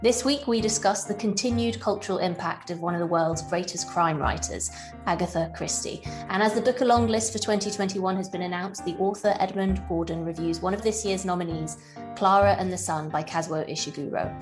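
A woman's voice: lowish voice, fairly quick. A woman hosting a literary podcast, reading a polished scripted introduction. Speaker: podcast host. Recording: voice over background music.

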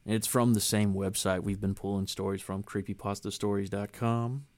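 A man's voice: fairly low pitch, normal speed. A man hosting a podcast, chatting casually with friends and rambling with lots of filler words. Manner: rambling, filler-heavy, relaxed. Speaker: podcast host. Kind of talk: casual chat among friends.

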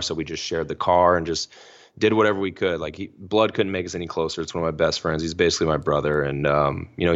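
A man's voice: deep voice, a bit bright, muffled recording. A young man telling a personal story on a podcast as a guest, casual and slangy, full of "like" and "you know".

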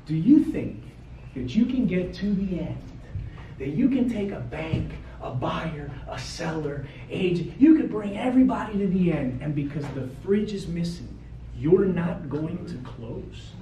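A male lawyer giving a blunt, animated seminar talk to an audience of realtors, peppered with "okay" and "right". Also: a little high, measured pace. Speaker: real estate lawyer. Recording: roomy, distant mic with faint ambient noise.

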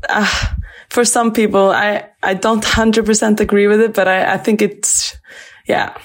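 Flat-voiced Icelandic woman guest. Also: medium pitch, measured pace. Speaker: guest, footballer. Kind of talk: podcast interview.

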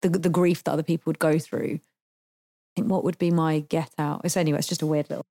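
A woman hosting a podcast interview, chatting frankly, swearing freely and cracking dark jokes. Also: low-pitched, fairly even intonation, fairly quick, vocal fry. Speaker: podcast host. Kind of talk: casual conversational interview.

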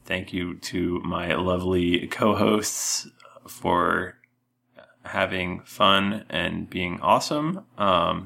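A man with a very low, gravelly voice and a bright, sharp edge hosts a casual podcast. He thanks his listeners and co-hosts in a dry, offhand way. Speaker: podcast host and game master. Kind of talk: casual chat.

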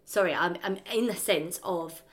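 A woman co-hosting a podcast in casual, animated chat, acting out the voices of people she quotes. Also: on the low side, normal speed. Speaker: podcast co-host.

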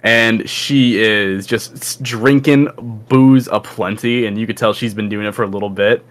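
A man's voice: lowish voice, steady tone, moderate pace, fairly bright tone. Rambling man running a tabletop game. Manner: rambling, loose with many fillers. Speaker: dungeon master.

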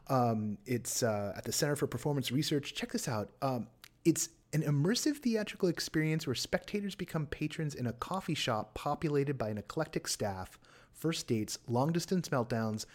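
A male podcast host chatting casually through a list of upcoming shows. His pitch sits in an ordinary middle range. He breaks into playful, self-mocking asides and grows animated when something excites him. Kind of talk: casual chat.

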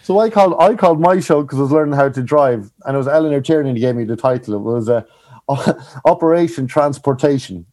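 Mellow-voiced Irish man telling stories. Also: medium pitch. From Ireland. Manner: chatty rambling storyteller, quick to laugh. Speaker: guest comedian. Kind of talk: casual chat.

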